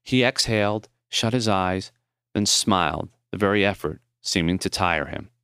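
A man reading his own memoir as audiobook narration, measured and tender. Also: low voice, fairly bright tone, clear, resonant tone, dry recording, studio quality.

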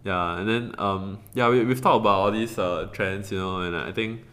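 A man's voice: fairly low pitch, normal speed, fairly bright tone, a little hiss or hum. A young man with a Singaporean English accent co-hosting a casual podcast, rambling with many fillers and bursts of laughter. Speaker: podcast co-host. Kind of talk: casual chat.

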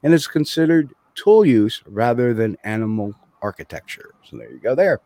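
A man's voice: mid-range voice, big pitch swings, normal speed, mellow, no room sound. Rambling male podcast host. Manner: rambling, many restarts and fillers. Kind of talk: casual chat.

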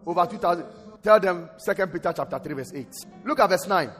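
A man's voice: high-pitched, lively intonation, brisk, a bit bright. A man preaching a sermon in church. He quotes scripture and calls on the congregation to respond. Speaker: pastor. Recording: long hall reverb, faint music.

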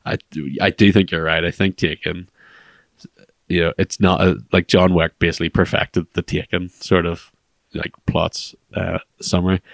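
A man with a very low, gravelly voice rambles his way through a casual podcast chat, circling back on himself with fillers and false starts. The sound is dry and close to the mic. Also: no echo. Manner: rambling, many fillers and restarts. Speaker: podcast co-host.

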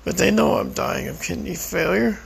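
A tired, weak-sounding man speaking slowly and reflectively in a personal monologue to the camera. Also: high voice, steady tone, gravelly, husky, low-quality recording. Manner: slow, reflective, prayerful. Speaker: vlogger.

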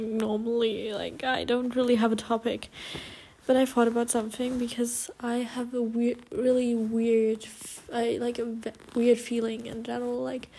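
A young woman hosts her own podcast in a loose, confessional chat, drifting between thoughts with lots of fillers and self-corrections. Her voice sits a touch high and she takes her time, speaking slowly and openly about her feelings. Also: darkish tone. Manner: emotional, confessional, laughs often. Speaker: podcast host. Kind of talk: casual solo podcast chat.

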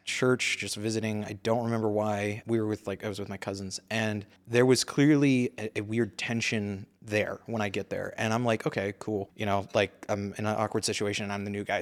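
A young man with a fairly low voice, talking fast in a loose, self-mocking way as a podcast guest. He jokes his way through the questions. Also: steady tone. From United States. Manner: joking, self-deprecating. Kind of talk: casual interview chat.

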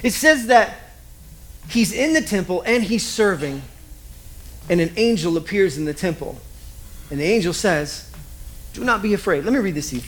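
High-voiced conversational male preacher. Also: normal speed, long pauses, a little hiss or hum. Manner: conversational, animated, rhetorical questions. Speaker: pastor. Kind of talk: sermon.

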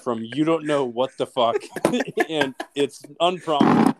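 A man's voice: fairly high pitch, slow, heavy background noise. A young man co-hosting a podcast with dry, sarcastic quips in casual banter. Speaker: podcast co-host.

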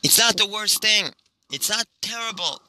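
A wise old rabbi, as a male storyteller plays him, consoles softly and patiently in a slightly high, bright voice. He keeps each line calm and reassuring. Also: normal speed, no echo, exaggerated voice, rough recording. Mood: consoling.

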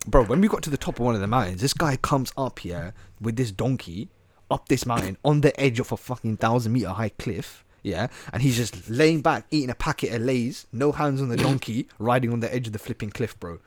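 A man telling travel stories on a podcast, animated and slangy, full of "bro" and "like". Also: medium pitch, a little fast, dry recording. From England. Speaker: podcast host. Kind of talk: casual storytelling chat.

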